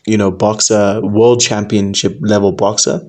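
A man's voice: on the low side, level tone, unhurried, darkish tone. A young man hosting a combat sports talk show alone, chatting casually and rambling, often tacking "man" and "right?" onto his sentences. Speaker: combat sports podcast host. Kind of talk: casual solo commentary.

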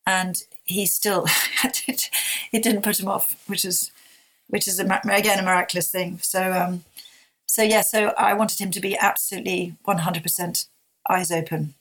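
A woman in her fifties, a guest speaking candidly and heartfelt in an interview, often halting and restarting. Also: mid-range voice, fairly even intonation, a bit bright.

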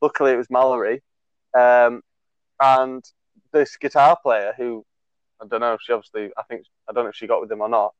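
A man's voice: medium pitch, flat delivery, fairly quick, clean tone, no echo. Young guy rambling through a funny travel story, swears a lot, dry slightly dull mic. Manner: rambling, laughing, lots of fillers and swearing. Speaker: podcast co-host. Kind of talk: casual storytelling chat.

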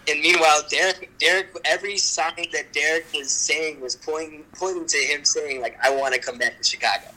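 Bright, fast-talking excited man. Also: on the high side, poor audio. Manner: excitable, gushing. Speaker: podcast co-host, basketball fan. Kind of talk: casual sports chat.

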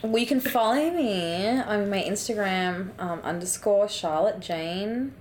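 A woman's voice: mid-range voice, a little slow. A young woman guest on a podcast, rambling and laid-back with lots of fillers, in an echoey room with faint ambient noise. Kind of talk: casual chat.

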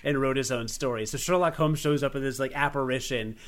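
A young American man with a medium-pitched voice talks fairly quickly while co-hosting a podcast. It's casual chat, and he rambles with self-deprecating asides and keeps restarting his sentences.

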